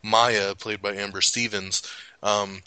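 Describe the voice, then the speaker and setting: A man's voice: fairly low pitch, flat delivery, slow pace, bright, forceful tone, clean tone, no echo. A man hosting a podcast, chatting casually about a film, rambling, swearing freely and laughing a lot. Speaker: podcast host. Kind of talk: casual movie review chat.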